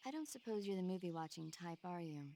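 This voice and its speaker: A woman's voice: on the low side, lively intonation, fast talker, mellow, slight background noise. An actress playing a cheerful young female radio support officer who loves movies, chatty and eager, in game cutscene dialogue. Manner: chatty, enthusiastic about movies.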